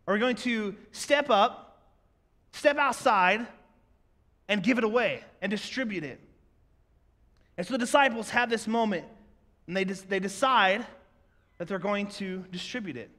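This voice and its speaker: A man's voice: high-pitched, bright, forceful tone. A man preaching a sermon, talking conversationally to the congregation and asking rhetorical questions. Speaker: pastor. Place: church sanctuary. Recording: echoey hall.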